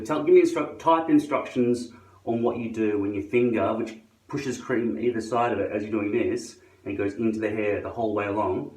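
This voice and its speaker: A man's voice: fairly low pitch, darkish tone, recorded from a distance. A man demonstrating how he applies a hairpiece, talking to his viewers in a sardonic, grumbling way and swearing often. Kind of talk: casual how-to monologue to camera. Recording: echoey room.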